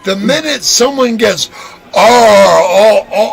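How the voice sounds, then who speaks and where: A man in casual bar-room chat, bragging about fights, swearing and stammering through restarts, shouting out punch sounds. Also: high-pitched, very animated, slow pace, vocal fry, poor audio. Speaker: podcast host.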